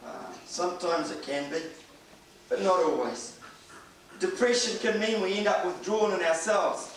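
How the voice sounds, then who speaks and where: A man's voice: sits high, normal speed, a bit bright. A man from New preaching a sermon in a church, earnest and conversational, often restarting his sentences. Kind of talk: sermon with anecdotes. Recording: echoey church hall from far off, faint noise.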